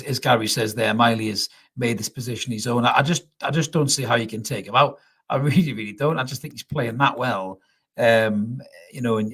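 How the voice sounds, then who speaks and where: Indoors at home, a fan channel host with a husky, mid-range Geordie voice from North East England runs a live post-match reaction chat, reading out comments as he goes. He swears freely and tends to repeat himself.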